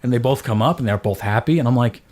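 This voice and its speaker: Quick-paced and medium in pitch, this man in his thirties hosts a podcast and tells a story casually. He acts out his own voice in quotes, animatedly mimicking his yelling.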